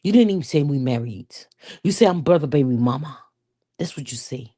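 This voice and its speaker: Scorned woman, low mellow voice, foreign accent, cursing rant, put on by a woman. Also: expressive, brisk. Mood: furious. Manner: foul-mouthed ranting, put-on foreign accent. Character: furious scorned township woman cursing her cheating man.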